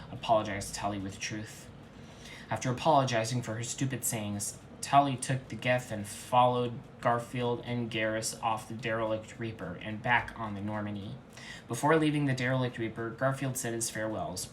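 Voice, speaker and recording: A man reads absurd fanfiction aloud in a dead-serious, mock-earnest voice. His pitch sits in the middle, and the delivery stays even and steady. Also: normal speed, a little hiss or hum. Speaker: fanfiction reader. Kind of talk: comedic deadpan story reading.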